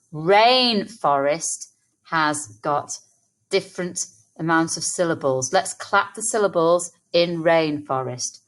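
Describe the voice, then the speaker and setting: An English woman teaching a phonics lesson to young children, sounding out words slowly and encouragingly. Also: fairly low pitch. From England. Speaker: primary school teacher.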